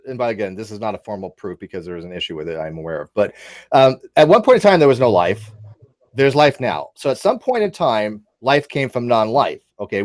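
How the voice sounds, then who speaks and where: A man hosting a casual online debate call, talking quickly with lots of restarts and laughs. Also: medium pitch, no echo, clean studio sound. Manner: animated, quick, laughing, self-interrupting. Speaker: host. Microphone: video call.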